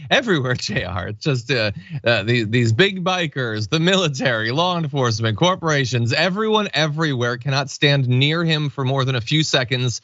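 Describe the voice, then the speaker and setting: A man hosting a political commentary show, sarcastic and animated in how he talks. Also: mid-range voice, moderate pace, hardly any pauses, no echo, highs cut off. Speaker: host.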